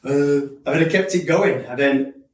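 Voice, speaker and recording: A man's voice: medium pitch, unhurried. A man telling his life story in a candid, earnest way, often repeating words as he restarts. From Yorkshire, England. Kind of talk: personal testimony talk. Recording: echoey room from a distance.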